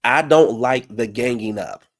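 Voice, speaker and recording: A man giving brash, profane reality TV recap commentary, heated and animated. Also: medium pitch, measured pace.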